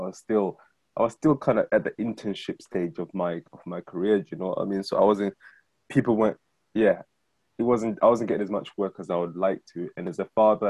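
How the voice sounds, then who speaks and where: A man in his thirties speaks quickly and casually as he recounts his own story, often checking in with "do you know what I mean?" His voice sits on the low side with a husky edge. The sound is dry and close. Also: a little mellow, no room sound. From Zimbabwe. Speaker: guest, freelance director. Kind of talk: personal testimony in conversation.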